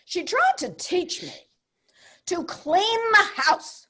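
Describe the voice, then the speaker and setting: High, lively older woman storyteller. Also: slow. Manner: wry, confiding, punchy asides. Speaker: solo theater performer. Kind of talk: comedic solo stage monologue.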